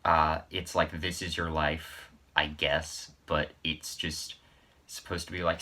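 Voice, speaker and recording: A man with a very low, bright-edged voice talks through a horror movie's grisliest scene in a loose, rambling way. He sounds plainly delighted by the gore and keeps circling back to the kill. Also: flat delivery, slow. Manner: enthusiastic, rambling, amused by gore. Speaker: horror vlogger. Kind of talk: casual horror movie recap.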